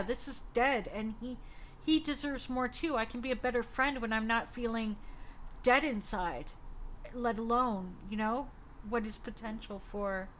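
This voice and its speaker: A woman's voice: fairly high pitch, a bit bright, poor audio. A woman chatting casually on a live stream at home, rambling and exasperated, talking in fits and restarts as she gets a tarot reading.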